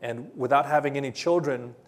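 A man preaching a sermon, telling Bible stories in a hesitant way with many pauses and fillers. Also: mid-range voice. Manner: hesitant, many ums and uhs, gentle storytelling. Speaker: pastor.

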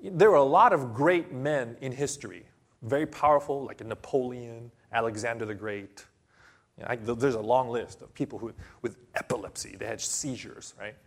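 A man preaching a sermon to a congregation, telling a story slowly and dramatically with sudden loud bursts. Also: mid-range voice.

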